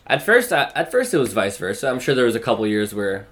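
A man's voice: medium pitch, big pitch swings, fast talker, a bit bright. A man from a French-speaking background chatting casually and frankly in an interview, full of fillers like "you know.". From French-speaking Canada. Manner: rambling, filler-heavy, frank.

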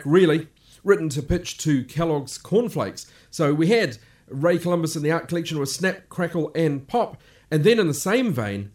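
A man hosting a radio show, introducing records in measured, informative DJ patter. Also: a little high.

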